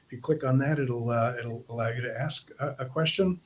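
A man's voice: medium pitch, a little fast. A man moderating a live online author session, speaking informally with frequent restarts as he introduces himself and asks questions.

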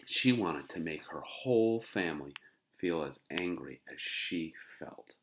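A man reading a children's book aloud to listeners, expressive and playful with the sound effects. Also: deep voice, unhurried, a little hiss or hum. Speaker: storybook reader.

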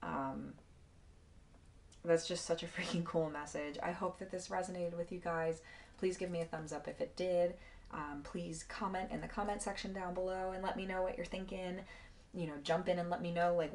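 A woman's voice: deep voice, a little hiss or hum. A woman giving a casual, emotional tarot card reading to her viewers, effusive and swearing freely.

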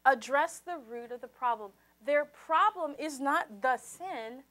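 Preaching with passion, a woman pastor swings between soft, low stretches and loud, high exclamations, drawing her congregation into call and response.

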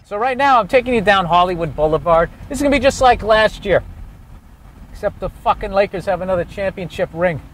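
A man's voice: high-pitched, animated, a little fast, fairly bright tone, faint music behind. A man, a comedian, ranting profanely and sarcastically about traffic while driving through city streets. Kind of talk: casual rant while driving.

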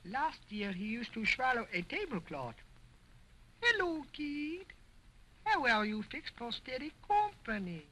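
A man's voice: big pitch swings, measured pace, heavy background noise, full character voice. A man voicing a cheeky, wisecracking male ventriloquist dummy who talks back in slangy, broken grammar, in 1920s early talkie acting. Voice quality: high, slangy, mocking. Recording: early sound film with music.

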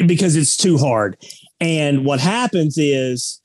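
A man's voice: a little high, animated, a little slow, no room sound. A man co-hosting a sports podcast, talking bluntly and emphatically in a joking, casual way. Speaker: podcast co-host.

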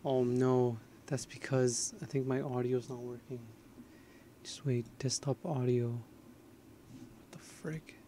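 A young man streaming a game, excitable and panicky, laughing often as he chats. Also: mid-range voice, unhurried, a little hiss or hum. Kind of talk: gaming livestream chat.

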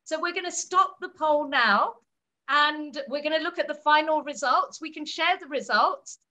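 High, bright-voiced woman presenting. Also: normal speed. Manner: storytelling, explains ideas step by step. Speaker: co-author at a book launch. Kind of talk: book launch talk.

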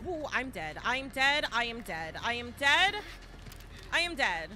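A woman streaming a live game, talking fast and often in bursts, shouting and repeating herself as the game goes on. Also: on the high side, slight background noise. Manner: animated, exclaiming and shouting at the game; talks to chat and teammates, repeats phrases. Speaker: gaming streamer. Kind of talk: live gameplay commentary.

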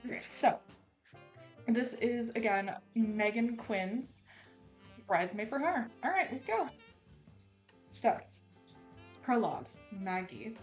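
Woman reading a spicy book out loud, dramatic and jokey, kinda high voice, faint music behind. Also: animated, takes it slowly, long pauses. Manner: playful, sarcastic asides, laughs at herself. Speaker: audiobook reader.

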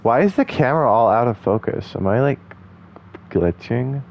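A chatty man narrating his gameplay in a loose, casual way, laughing at himself and cursing now and then. His voice sits at a middling pitch. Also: animated, normal speed, vocal fry, highs cut off, a little hiss or hum. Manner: chatty, self-mocking, swears. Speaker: let's play host.

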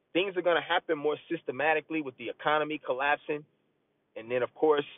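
A man's voice: fairly high pitch, no room sound. A man giving a loose, conversational sermon, reading scripture aloud and urging listeners, often tagging lines with "man.". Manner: earnest and urging, rising as he presses a point. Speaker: street preacher. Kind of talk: casual sermon. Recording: tinny phone-like audio, dry.

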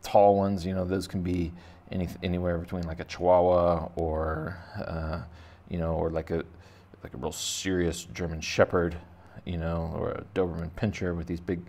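A man's voice: deep voice, little pitch movement, normal speed, hardly any pauses, darkish tone. A man teaching kids to draw in a casual, rambling, jokey way, thinking aloud as he sketches. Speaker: art teacher. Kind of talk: casual drawing lesson for kids.

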